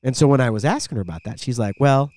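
This middle-aged man talks with a swooping, lively pitch, an animated storyteller with the ease of a former radio voice guy. His voice sits close and dry on the podcast mic, with no room sound around it. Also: rapid-fire, dry recording. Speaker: podcast co-host. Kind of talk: casual podcast chat.

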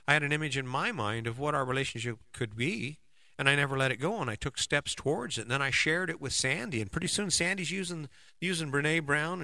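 Middle-aged guy, relationship coach, punchy bright voice, dry close sound, keeps saying "right?". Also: a little high, no room sound. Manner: conversational, keeps asking "right?". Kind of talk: motivational talk.

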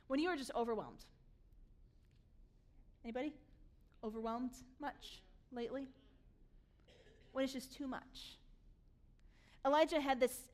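Woman pastor, high voice, animated preaching, acts out scenes. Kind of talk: sermon.

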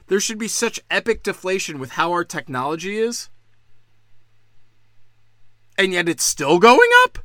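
A man's voice: high voice, very animated, unhurried, pauses often, sharp tone, dry recording, studio quality. A man hosting a solo podcast, ranting angrily and sarcastically with lots of swearing. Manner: angry, sarcastic, heavy swearing. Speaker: podcast host. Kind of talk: profane solo podcast rant.

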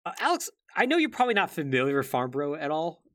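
Animated man hosting a podcast. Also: a little high, fast talker. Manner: chatty, heavy use of "like", wry asides. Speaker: podcast host. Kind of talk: casual gaming-history chat.

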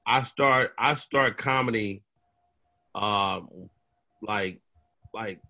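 A man's voice: fairly low pitch, extremely slow, gravelly. A man from the Chicago area talking casually as a guest, rambling through lists and calling the host "man". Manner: relaxed, says "man" often, rambling lists. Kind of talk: casual chat.

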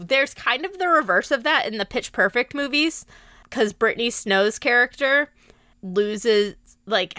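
A young woman co-hosting a podcast, giggly, with quick reactions and lots of filler words. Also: medium pitch, bright, forceful tone, dry recording, clean studio sound. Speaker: podcast co-host. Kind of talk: casual chat.

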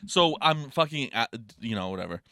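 Man, casual podcast chat, bright voice, rambling and swearing. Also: mid-range voice, big pitch swings, fairly quick, dry recording, studio quality. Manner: rambling, fillers, frequent swearing.

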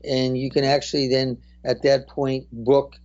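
Mellow man with a New Jersey accent. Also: medium pitch, flat delivery, lo-fi sound. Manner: halting, many "uh" and "um" fillers. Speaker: guest, hotel representative. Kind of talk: casual interview.

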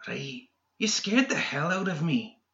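A man voicing a sarcastic, sneering male doctor in an audiobook, pitched well above his own voice. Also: sing-song, unhurried, a bit bright, roomy sound, dull audio, heavily acted. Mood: startled.

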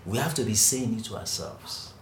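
A man's voice: fairly low pitch, moderate pace, a little hiss or hum. A man teaching a Bible lesson, explaining earnestly and correcting himself mid-sentence. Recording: echoey room.

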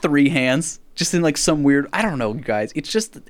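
Podcast host, male, lively pitch, profane laughing rants, dry sound. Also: normal speed, no room sound. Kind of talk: casual chat.

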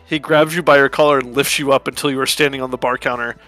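A man co-hosting a podcast in casual chat, animated as he reads out chat exchanges. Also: mid-range voice, fast, soft background music. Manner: animated, reads chat logs aloud with amusement.

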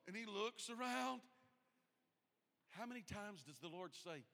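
A man preaching a sermon as pastor of the church, moving from quiet storytelling to loud, shouted calls to the congregation. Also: very high-pitched, normal speed, gravelly, in a large hall. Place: church sanctuary.

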